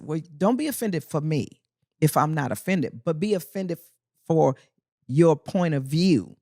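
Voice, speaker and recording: Animated woman comedian telling stories. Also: sits low, measured pace, no room sound, clean studio sound. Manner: animated, punchy storyteller with earthy humor. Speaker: guest comedian. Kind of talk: casual podcast chat, storytelling.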